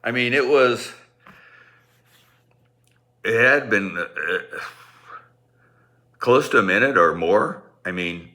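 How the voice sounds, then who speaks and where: Middle-aged male storyteller, very low and bright voice, rambling and self-mocking. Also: animated, takes it slowly, pauses often. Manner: rambling, self-deprecating, many restarts. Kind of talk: personal storytelling.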